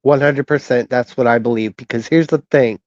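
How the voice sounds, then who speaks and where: A man co-hosting a casual online chat show, talking in a hesitant, halting way with many fillers and restarts. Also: mid-range voice, darkish tone, dry recording, muffled recording. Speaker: co-host.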